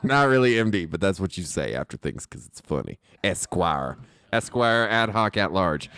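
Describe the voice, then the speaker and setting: A man narrating his scene in a tabletop role-playing game, halting with lots of fillers. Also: low-pitched, big pitch swings, fairly bright tone, clear, resonant tone. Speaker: player.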